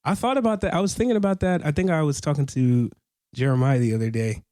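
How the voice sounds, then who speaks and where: A man co-hosting a podcast in casual chat, animated and jokey with slangy talk. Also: fairly high pitch, fast, no room sound, studio quality. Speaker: podcast co-host.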